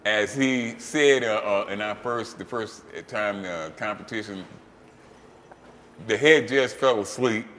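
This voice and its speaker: A man hosting, telling a story casually, swearing freely and breaking into loud, animated outbursts. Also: on the low side, unhurried, big-room sound, slight background noise. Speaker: host.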